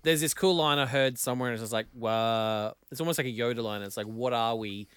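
A man co-hosting a podcast in casual chat, thoughtful and quick to tease his co-hosts. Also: mid-range voice, fairly bright tone, clear, resonant tone, dry recording. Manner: reflective, then teasing with jokes. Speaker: podcast co-host.

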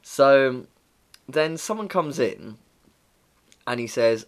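A man's voice: medium pitch, expressive, slow. A young man from England telling a story in casual chat, swearing freely and acting out customers in changed voices. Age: young adult.

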